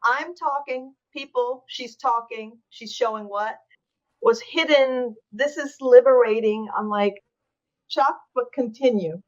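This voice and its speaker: A woman from Brazil hosting an interview, lively and talking in disbelief. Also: a little high, a little slow. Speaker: host. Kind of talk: interview chat. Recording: dull lo-fi audio.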